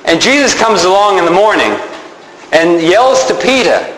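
Animated preacher man in an echoey room. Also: high voice, moderate pace, a little hiss or hum. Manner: animated storytelling, acts out the people in his stories. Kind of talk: sermon.

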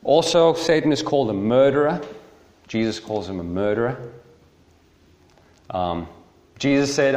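A man preaching a sermon in an emphatic, animated manner, often checking in with his listeners. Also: mid-range voice, measured pace, long pauses. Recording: roomy echo.

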